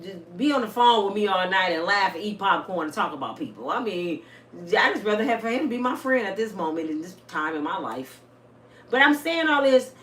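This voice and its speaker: A woman in her fifties holds forth to her viewers, blunt, salty and full of storytelling energy. Her pitch leaps and dips as she talks. She sits a bit away from the mic in an echoey room with a faint hiss behind her. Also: a bit bright, recorded from a distance. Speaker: vlogger. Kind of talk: casual monologue to viewers.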